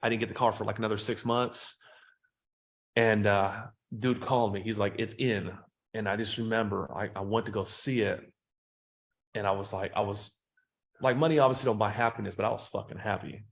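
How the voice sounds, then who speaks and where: A man talking as a podcast guest and sales trainer, telling profane, animated stories in a casual interview. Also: fairly low pitch, brisk, creaky.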